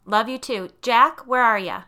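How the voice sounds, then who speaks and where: A woman's voice: mid-range voice, expressive, a little slow, pushed and bright, voice pushed up. Woman reading an encouraging family dad. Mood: calling out. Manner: hearty, encouraging calls. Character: cheerful, affectionate middle-aged father.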